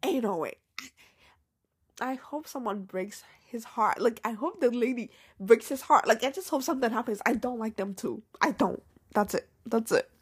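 Husky, animated woman host. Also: fairly high pitch, normal speed. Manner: animated, slangy and blunt, swings between loud and hushed. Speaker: podcast host. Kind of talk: casual solo podcast chat.

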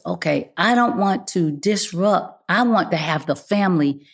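A woman's voice: mid-range voice, lively intonation, unhurried, hardly any pauses. An older woman, a guest in a casual chat, telling stories animatedly and repeating phrases for emphasis.

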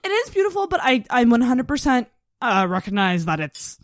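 A young woman in casual chat, lively and swearing casually. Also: fairly high pitch, brisk, no room sound, clean studio sound.

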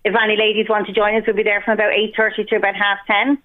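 Brisk woman caller on a phone line. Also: mid-range voice, monotone. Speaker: radio guest on the phone. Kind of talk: phone-in interview. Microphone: telephone.

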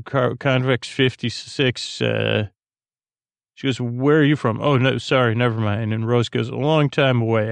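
A man's voice: medium pitch, gravelly, no room sound. A man hosting a sleep podcast, recapping an episode in a meandering, filler-heavy way. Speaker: podcast host.

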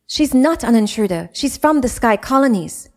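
A woman's voice: fairly high pitch, animated, moderate pace, voice pushed up. A woman voicing a distraught, tearful young woman who stammers through sobs, read as an audiobook. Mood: indignant. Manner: stammering, sobbing.

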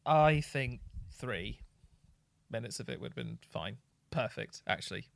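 A man co-hosting a casual music review chat, blunt, sweary and mocking, breaking into excited rants. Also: medium pitch, unhurried, creaky. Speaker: podcast co-host.

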